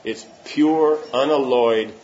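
In a slow, mid-range voice that's a little mellow, a man delivers an informal religious talk as a spiritual teacher. He answers questions emphatically and keeps asking listeners "you know what I'm saying?" A little hiss or hum runs under the muffled, lo-fi recording.

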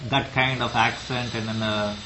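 A man, a student in a class discussion, speaking haltingly while he searches for words. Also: medium pitch, level tone, highs cut off. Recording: noisy room recording.

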